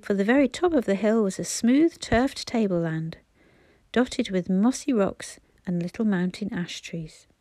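Mellow-voiced woman reading a storybook. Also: medium pitch, no echo. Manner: steady, measured storytelling. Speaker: narrator. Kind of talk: audiobook narration.

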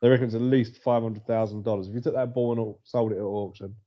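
Here a man speaks fast in a mid-range voice with fairly even intonation. He co-hosts a casual sports podcast, telling stories in a chatty way and laughing often, and the recording is dull and lo-fi.

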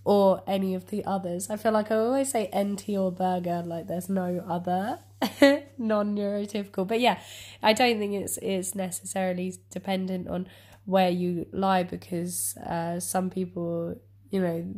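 A woman's voice: mid-range voice, steady tone, moderate pace, a little mellow. A woman in her early twenties in casual chat, chatty and self-deprecating, often laughing at herself. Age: 20s.

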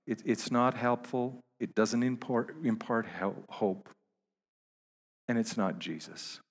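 A man preaching a sermon to his congregation, halting and repeating words, rising to emphatic peaks. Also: mid-range voice, steady tone, vocal fry, big-room sound. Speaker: pastor.

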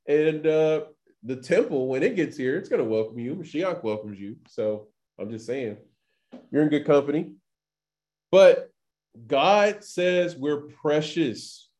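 A man's voice: on the high side, a little slow, a little mellow. A man teaching a scripture passage in a loose, chatty way, full of filler words and acted-out quotes. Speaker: Torah teacher. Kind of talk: casual scripture study talk.

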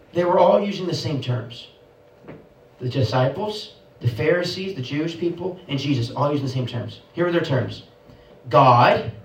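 A man delivers a sermon with a fairly high voice, pressing his listeners with rhetorical questions in a preaching cadence. The recording is roomy and echoey, with the speaker set back from the mic. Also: distant mic.

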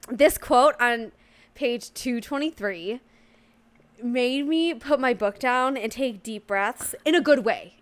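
Excitable woman gushing in book chat. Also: a little high. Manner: gushing, excitable, recaps the plot with bursts of gasps. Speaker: podcast co-host. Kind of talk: casual book-club chat.

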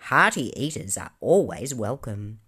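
A woman's voice: extremely low pitch, sing-song, measured pace, a bit bright, husky, full character voice. A woman voicing a cheery, sociable male penguin with a chummy, confiding manner. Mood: hearty.

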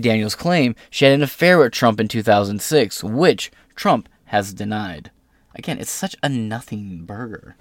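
A man's voice: fairly low pitch, lively intonation, normal speed, no room sound, clean studio sound. A young man hosting casual news commentary, reading out articles with irreverent, sarcastic and profane asides. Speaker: host.

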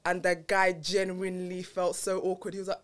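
A woman's voice: on the low side, flat delivery, fairly quick. A young woman from Manchester, telling stories in an easygoing, self-deprecating way in a casual podcast chat. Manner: easygoing storyteller, self-deprecating, laughs often. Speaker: podcast co-host.

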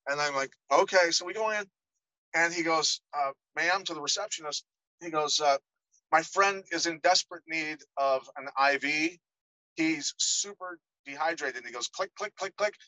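A man's voice: on the high side, normal speed, no room sound, low-quality recording. A middle-aged man, a podcast guest, telling stories in a casual interview and animatedly acting out the voices of the people in them. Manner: animated storyteller, acts out quoted voices. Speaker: podcast guest, former fighter.

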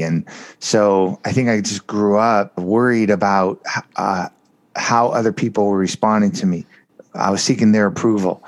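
A man with a fairly low voice talks openly about his own life as an interview guest. He tells it earnestly and with animation, with frequent casual asides to the listener. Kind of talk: candid personal storytelling.

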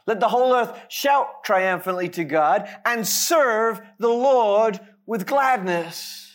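Pastor, sermon, slow deliberate pace, emphatic, gently self-deprecating, mid pitch. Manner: measured, emphatic delivery with light self-deprecating humor.

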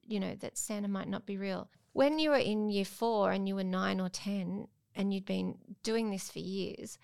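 A woman's voice: medium pitch, moderate pace, vocal fry, clear, resonant tone. A middle-aged mother, telling family stories in a casual chat on a podcast. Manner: animated storytelling, acting out her daughter's voice. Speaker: guest mum.

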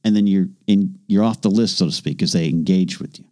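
A man's voice: low voice, fairly quick, darkish tone. A middle-aged man co-hosting a podcast in casual comedic chat, jokey and trailing into restarts. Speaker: podcast co-host.

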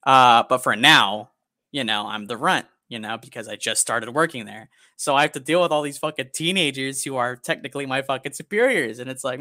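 A young man co-hosting a casual podcast, ranting and swearing in an animated way. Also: medium pitch, brisk, no room sound, clean studio sound. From America. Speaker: podcast co-host.

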